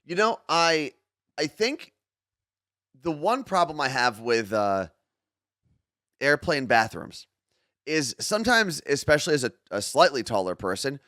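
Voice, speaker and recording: A man's voice: fairly high pitch, very animated, a little slow, long pauses, bright, forceful tone, no room sound, studio quality. A man co-hosting a morning show in casual chat, easygoing, reading out listener messages. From Seattle area. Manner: easygoing, reads out listener texts. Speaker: radio show co-host.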